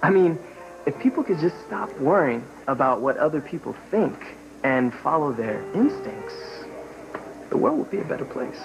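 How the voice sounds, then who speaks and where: An actor playing a smooth-talking, persuasive young man who talks easily about love in a soap opera scene. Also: mid-range voice, sing-song, moderate pace, music in the background, poor audio. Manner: easygoing and persuasive, laughing. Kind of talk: daytime soap opera acting.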